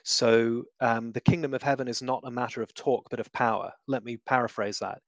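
A man's voice: medium pitch, steady tone, fairly quick, vocal fry, no echo, lo-fi sound. A man guest giving conversational theological teaching, emphatic and full of vivid examples with shifting inflection.

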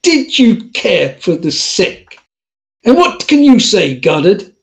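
A man's voice: sits high, very animated, slow pace, gravelly, voice pushed up, exaggerated voice. A man doing a wry, teasing old preacher.

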